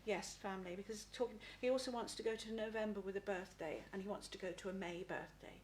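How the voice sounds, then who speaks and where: A middle-aged woman giving a live spirit reading as a psychic medium. She talks haltingly, repeats words and often asks "please?". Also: mid-range voice.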